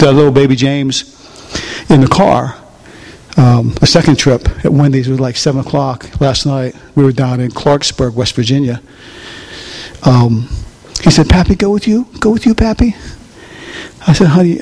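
Folksy older preacher with a high voice. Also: male voice, big-room sound. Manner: folksy, animated, asks the congregation questions. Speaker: pastor. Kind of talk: sermon.

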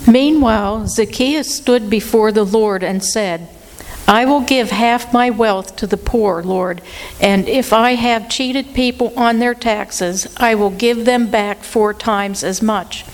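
A woman reading Bible passages aloud in a steady, even delivery during a Bible study. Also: on the high side, slow, low-quality recording. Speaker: scripture reader.

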